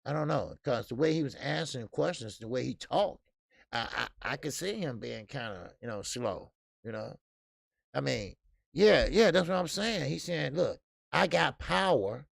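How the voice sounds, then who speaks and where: A gravelly-voiced man hosts a boxing livestream and chats loosely with his viewers, swearing freely and laughing hard. His voice is close to the mic in a dry room. The talk rambles and keeps doubling back. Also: medium pitch, very animated, normal speed, no room sound. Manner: loose and profane, reading out chat comments, bursts of laughter. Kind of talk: casual livestream chat.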